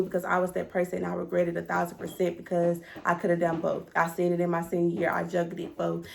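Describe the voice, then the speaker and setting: A young woman speaks in a chatty, emotional way while unboxing on camera. Her voice has a gravelly fry to it. Her distance from the camera mic shifts, and a faint hiss sits underneath. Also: fairly low pitch, completely flat delivery, fairly quick. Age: young adult. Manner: emotional, chatty, talks straight to viewers. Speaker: vlogger. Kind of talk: casual vlog unboxing.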